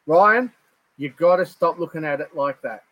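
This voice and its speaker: A man's voice: a little high, normal speed, muffled recording. A man co-hosting a casual knife-making livestream, reading out viewer comments in a blunt, sweary, laid-back way. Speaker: co-host of a knife-making show.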